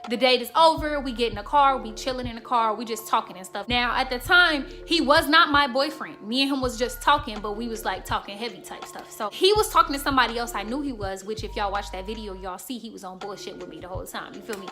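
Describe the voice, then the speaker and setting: A woman's voice: on the high side, fast talker, hardly any pauses, sharp tone, soft background music. A young woman in her twenties from the Chicago suburbs, telling candid stories to her viewers in a slangy, frank casual vlog. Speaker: YouTuber.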